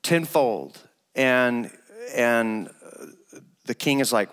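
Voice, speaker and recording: A man, an associate pastor, preaching a sermon and retelling a parable in a relaxed, conversational way. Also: on the high side, moderate pace. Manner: conversational storytelling, retells a parable in casual everyday phrasing. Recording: long reverb of a large hall.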